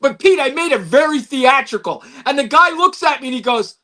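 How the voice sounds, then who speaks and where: A man chatting about his acting auditions in an excitable way, laughing often and repeating his words. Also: extremely high pitch, fairly quick. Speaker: actor guest. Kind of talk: casual chat.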